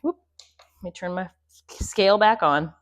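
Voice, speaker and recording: A woman's voice: mid-range voice, measured pace. A chatty woman gives a casual cooking demonstration in her home kitchen, joking and laughing at herself as she works. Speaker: homestead host. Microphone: clip-on mic.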